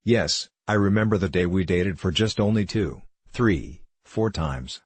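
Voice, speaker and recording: Low husky man, reflective. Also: a little slow, no echo. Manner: reflective, heartfelt storytelling. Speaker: interviewee. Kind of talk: candid interview answers.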